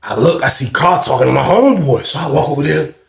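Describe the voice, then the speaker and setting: A young man telling a casual storytime, animated and slang-heavy, swearing freely. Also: a little high, fast, creaky, echoey room.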